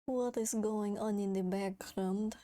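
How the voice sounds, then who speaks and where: Playful, mellow-voiced woman streamer. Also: mid-range voice, fairly even intonation, takes it slowly. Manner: playful, laughs often, swears casually. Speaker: VTuber streamer. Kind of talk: casual live-stream chat.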